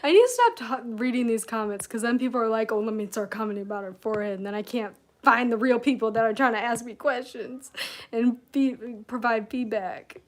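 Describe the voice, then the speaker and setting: Streaming from her Michigan home among candles and incense, a woman gives self-help advice and answers comments, laughing a lot and filling gaps with "you know." Her voice is on the high side, at a moderate pace.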